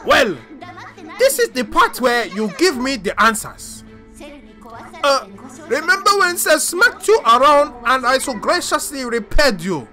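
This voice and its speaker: A woman voicing a bossy, exasperated genius woman in a squawking, scolding high voice over a video game. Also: big pitch swings, slow pace, pauses often, bright, forceful tone, faint music behind, full character voice. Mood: indignant.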